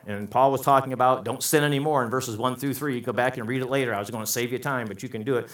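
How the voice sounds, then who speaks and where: A man's voice: medium pitch, fast talker, a bit bright. A man pastor delivering a sermon with emphatic, fervent preaching that climbs to passionate peaks. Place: church sanctuary. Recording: roomy church sound from a distance, faint music.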